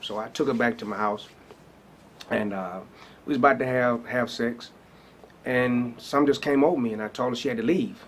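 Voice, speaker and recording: A man's voice: mid-range voice, brisk, slight background noise. A man, a pastor telling his personal story in a loose, casual way with many fillers. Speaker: pastor and rapper.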